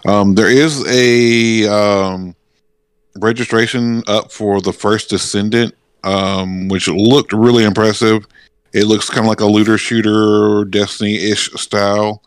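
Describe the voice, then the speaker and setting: A man chatting casually on a podcast panel, low-key and hesitant. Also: flat delivery, takes it slowly, smooth, dry recording. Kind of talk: casual chat.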